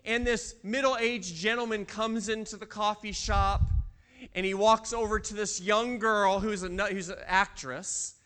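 Bright, high-voiced man preaching. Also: steady tone, a little slow, clean tone. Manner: storytelling, posing questions to the congregation. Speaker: pastor. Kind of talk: sermon.

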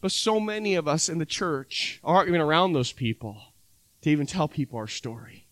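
Pastor, man, high bright voice, chatty preaching style, dry sound. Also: a little fast, dry recording. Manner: conversational, acts out little dialogues. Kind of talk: sermon.

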